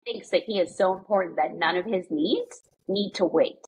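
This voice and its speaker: A woman, speaking as a podcast guest in candid, animated storytelling and swearing freely. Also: fairly low pitch, moderate pace, breathy edge, rough recording.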